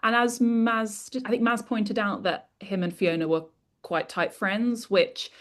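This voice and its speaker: A woman's voice: mid-range voice, fairly even intonation, a little slow, a bit bright. A woman guest co-hosting a podcast, chatting in a friendly, self-deprecating way with some hesitant restarts. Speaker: guest co-host. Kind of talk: casual podcast chat.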